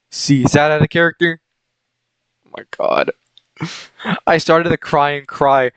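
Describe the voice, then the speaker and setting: A man's voice: a little high, steady tone, unhurried, pauses often, a bit bright, smooth, no echo, rough recording. A young man doing a comedic reading of a fanfic aloud, often laughing and breaking off to comment on the text. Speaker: reader of a fanfic.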